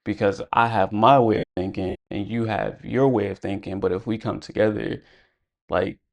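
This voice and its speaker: A man's voice: lowish voice, steady tone, normal speed, creaky. A young man telling a personal story to camera in a casual, reflective way, full of "like" and "you know". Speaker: vlogger.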